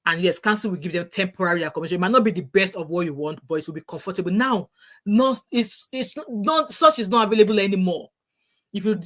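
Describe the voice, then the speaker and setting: A woman's voice: medium pitch, fairly bright tone. Nigerian woman giving earnest advice. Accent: Nigerian English. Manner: earnest, repetitive, with frequent restarts. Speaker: vlogger. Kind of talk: casual advice vlog.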